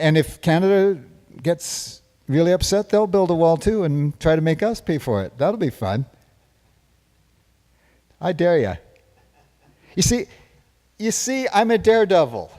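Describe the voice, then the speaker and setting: A man's voice: high-pitched, warm tone. A man playing a boastful, rambling hippie president in a live one-man stage parody, taking questions from the audience. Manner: boastful, rambling, self-praising. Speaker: stage performer in a one-man comedy show. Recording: long reverb from a live stage.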